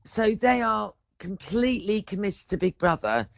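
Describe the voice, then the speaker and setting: A woman's voice: medium pitch, sing-song, moderate pace, creaky, no echo. Rambling woman, dry sound. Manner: rambling, self-interrupting storyteller. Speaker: podcast guest. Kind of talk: casual chat.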